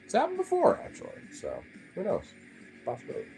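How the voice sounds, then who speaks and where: A man's voice: high-pitched, wildly swooping pitch, fast, loud music behind the voice. A young man streaming casually from home, cooing baby talk at his pets and swearing freely. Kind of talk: casual live-stream chat.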